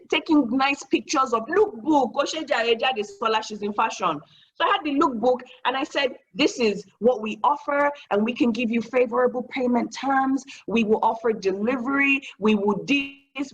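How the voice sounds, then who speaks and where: Animated woman telling a story. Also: a little high. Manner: animated, acts out dialogue, preacher-like blessings. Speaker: guest speaker. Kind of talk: motivational storytelling talk.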